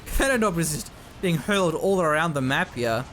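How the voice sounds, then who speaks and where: A man's voice: on the high side, fairly bright tone, a little hiss or hum. A man commentating a strategy video game in a casual, chatty way, often trailing off and restarting.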